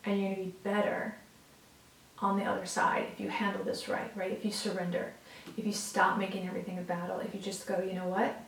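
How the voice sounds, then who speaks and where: A woman's voice: mid-range voice, completely flat delivery, fairly quick, creaky, far from the mic, a little hiss or hum. A woman giving a casual, heartfelt tarot reading straight to her viewers, earnest and at times emotional, swearing now and then. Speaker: tarot reader. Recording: roomy and off-mic.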